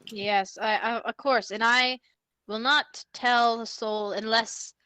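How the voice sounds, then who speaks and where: A woman's voice: on the high side, fairly even intonation, takes it slowly, sharp tone, smooth, no echo. A woman speaking in character as a player in a tabletop game, earnest, formal and a little hesitant. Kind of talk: in-character tabletop role-play.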